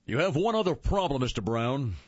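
A man voicing a blunt, stern older governor in a memoir reading, speaking slowly and plainly with a slightly husky, dull-sounding tone. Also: medium pitch, sing-song, dry recording.

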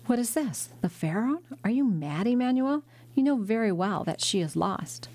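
A woman's voice: a little high, expressive, moderate pace, a little mellow, no echo, voice pushed up. A woman reading an audiobook, voicing a desperate older merchant father with urgent, disbelieving lines.

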